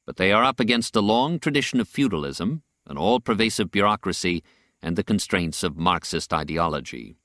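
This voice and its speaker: A man narrating a nonfiction audiobook in a measured, deliberate reading style. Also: lowish voice, pushed and bright, no echo, studio quality.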